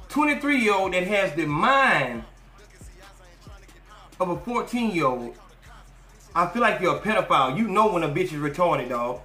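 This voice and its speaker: Guy ranting on his podcast, high bright voice, cussing and mocking, echoey room w/ faint music. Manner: animated, profane, mocking, slips into quoted voices. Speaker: podcast host. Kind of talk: profane commentary rant.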